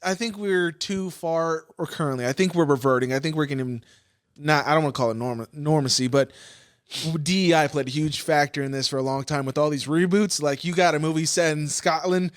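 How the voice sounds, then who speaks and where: Hesitant man, a bit high, dry. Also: a little fast, no echo. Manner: hesitant, many fillers. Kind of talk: casual chat.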